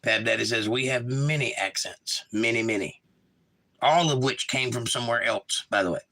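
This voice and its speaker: Man, Georgia Southern accent, livestream host, gravelly, bright tone, reads chat aloud. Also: medium pitch, normal speed, low-quality recording. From Georgia, USA. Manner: laid-back, reads chat messages aloud and replies. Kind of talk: casual livestream chat, reading comments aloud.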